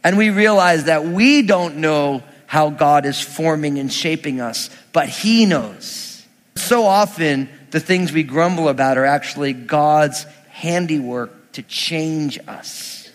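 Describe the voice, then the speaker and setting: A man's voice: a little high, takes it slowly. A young adult man, a pastor, preaching a sermon in a conversational, emphatic way with casual asides. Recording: long reverb of a hall.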